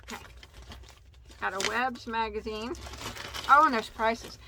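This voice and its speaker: A woman's voice: a little high, measured pace, gravelly, noisy background. A woman hosting a casual yarn haul video, chatty and tripping over yarn names. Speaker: crochet channel host.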